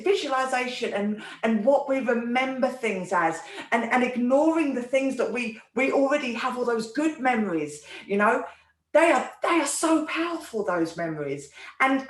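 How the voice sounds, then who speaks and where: A woman's voice: on the high side, far from the mic. A woman, a therapist and podcast host, talking in an earnest way as she retells a personal story on a live show. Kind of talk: casual talk on a live podcast. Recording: roomy echo, speaker away from the mic.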